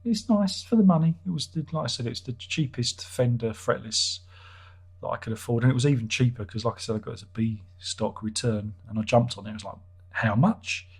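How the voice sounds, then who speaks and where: A man chats casually on his livestream, reading viewer comments and musing aloud. His voice is husky with a slightly breathy edge, and he rambles, cuts himself off and restarts his sentences with dry, wry asides. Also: mid-range voice, steady tone, quick pace. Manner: rambling, self-interrupting, wry. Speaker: livestream host reading chat.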